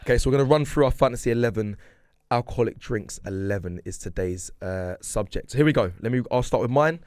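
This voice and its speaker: A man hosting a radio show from a studio, joking and playful with animated emphasis. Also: medium pitch, fast, smooth. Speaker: radio host. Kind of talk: casual studio chat.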